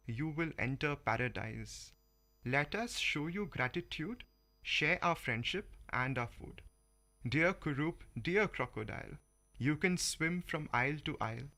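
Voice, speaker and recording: A man from India hosts a community radio program from the studio. His voice is bright and a touch high, and he reads a comic poem aloud at a slow, measured pace, giving the animals playful voices. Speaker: radio host.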